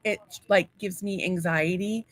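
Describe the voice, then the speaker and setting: A woman's voice: lowish voice, steady tone, a little slow. A middle-aged woman from the United States co-hosting a casual podcast chat, blunt, swearing freely and laughing often. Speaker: podcast co-host.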